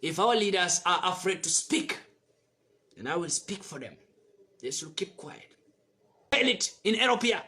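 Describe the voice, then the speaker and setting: Fiery high-voiced man preaching. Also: lively intonation, unhurried, long pauses, sharp tone. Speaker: activist commentator. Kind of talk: impassioned monologue.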